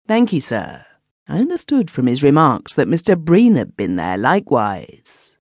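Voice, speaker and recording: A man's voice: on the high side, wildly swooping pitch, unhurried, a little mellow, no echo, exaggerated voice. A man voicing Flett, a polite tavern landlord. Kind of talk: audiobook character voice.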